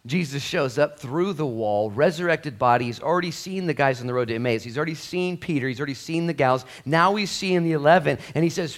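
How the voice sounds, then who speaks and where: A middle-aged man delivers a church sermon with a lively, wide-ranging voice that jumps up and drops low. He acts out little scenes in different voices and moves from loud outbursts to quiet, hushed asides. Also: brisk, hardly any pauses. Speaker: pastor.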